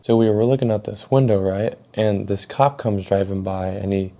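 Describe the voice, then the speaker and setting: Casual young dude vlogging, dark relaxed tone, lots of likes and f-words. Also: male voice, fairly low pitch, moderate pace. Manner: rambling, swears a lot, heavy filler words. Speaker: storytelling vlogger. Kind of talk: casual storytelling.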